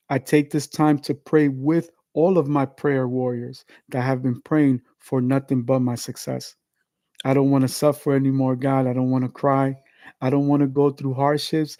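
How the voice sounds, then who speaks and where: A man's voice: mid-range voice, dark tone, no echo. A man praying aloud on a livestream, earnest and pleading, piling up repeated requests. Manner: earnest, pleading, repetitive litanies. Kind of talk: spoken public prayer.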